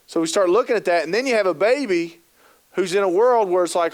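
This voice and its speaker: Man, high voice, training-session talk, lively storytelling, rhetorical questions. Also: a little fast. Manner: animated storytelling, acts out quoted thoughts; asks the audience rhetorical questions. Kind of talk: conference talk.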